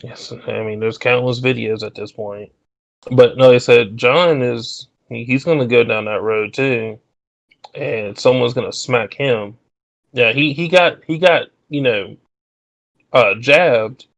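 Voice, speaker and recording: A man co-hosting a casual commentary chat, talking loosely with halting starts and fillers. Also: medium pitch, gravelly, dry recording, dull audio.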